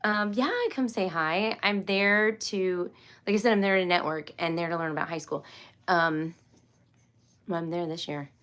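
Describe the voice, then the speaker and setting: A tired, slightly loopy middle-aged woman hosts a casual livestream for homeschool viewers after a long workday, rambling, giggling and apologizing. Her voice is fairly low with little pitch movement, a bit bright, clear and resonant. She speaks at a moderate pace and pauses often.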